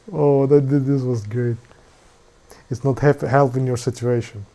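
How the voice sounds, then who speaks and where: A man hosting a live stream and commenting on a video, halting with many fillers and restarts, mocking the people in it. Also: mid-range voice, fairly even intonation, mellow. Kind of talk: casual commentary.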